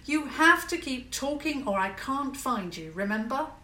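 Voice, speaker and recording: A woman voicing a practical schoolboy who calls out briskly and a little crossly in a storybook reading. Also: a little high, very animated, a bit bright, reverberant, distant mic. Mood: annoyed. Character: boy, practical and a bit cross.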